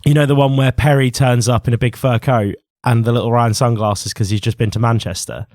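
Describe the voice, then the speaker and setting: Mid-pitched man, thoughtful podcast co-host. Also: steady tone, brisk, a little mellow, dry recording, studio quality. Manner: thoughtful, joking. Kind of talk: casual chat.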